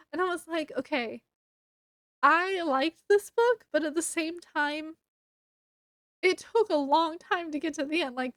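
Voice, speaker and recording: A woman's voice: very high voice, no room sound, studio quality. A woman with a child, casually retelling a novel's ending for her book review vlog, sniffly from allergies and filling her talk with "like" and little laughs. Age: adult with a child. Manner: chatty retelling with many "like"s and laughs.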